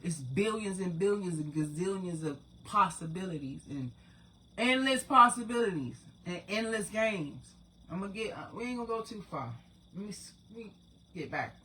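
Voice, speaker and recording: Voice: medium pitch, animated, brisk, bright, forceful tone, a little hiss or hum. A person in their forties, hosting their own channel, talking to viewers in a casual, profane, rambling spiritual monologue. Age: 40s. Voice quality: profane, rambling, streetwise talk.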